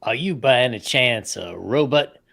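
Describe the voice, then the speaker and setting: A man's voice: medium pitch, animated, moderate pace, gravelly, a bit bright. A man playing his character in a tabletop game, joking and hesitant. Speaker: player.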